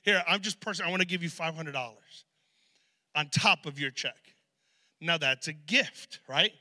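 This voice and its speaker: Male preacher, high and very bright voice, animated conversational sermon, long hall reverb. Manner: conversational, animated storytelling with asides. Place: large hall.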